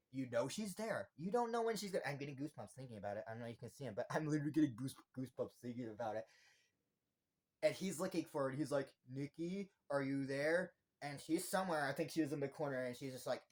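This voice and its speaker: A man giving a casual, rambling horror movie review, excitable and swearing freely. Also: mid-range voice, poor audio.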